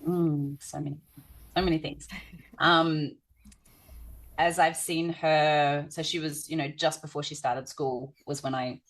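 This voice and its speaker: Softly low-voiced woman telling stories. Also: little pitch movement, measured pace. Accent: Australian. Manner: warm storytelling with frequent fillers. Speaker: podcast guest, parenting instructor. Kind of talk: conversational storytelling.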